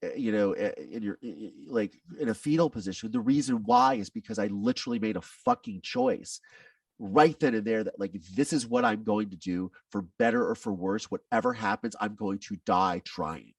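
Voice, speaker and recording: A man guesting on a podcast speaks in a low, husky voice that rises and falls a lot. He talks with blunt intensity and swears often. He sits somewhat away from the microphone in a dry room with no echo. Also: very animated, normal speed, recorded from a distance. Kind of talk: candid personal storytelling.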